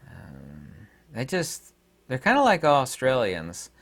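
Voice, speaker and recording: A man's voice: medium pitch, huge pitch swings, slow, creaky. A man hosting his own opinion vlog, talking in an emphatic, rambling, indignant way. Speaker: channel host.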